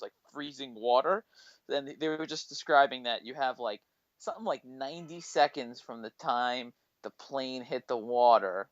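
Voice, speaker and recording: A man's voice: mid-range voice, no echo, highs cut off. A man co-hosting a comedy podcast, teasing his friends and telling stories with lots of restarts. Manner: animated storyteller, teasing, stumbling restarts. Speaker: podcast co-host. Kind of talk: casual comedic chat.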